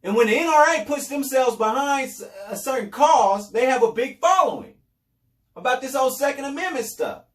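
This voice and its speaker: A man's voice: very high-pitched, animated, normal speed, a bit bright, roomy sound, recorded from a distance. A man hosting a podcast, giving casual commentary in a loose, repetitive way with sarcastic asides. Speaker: podcast host.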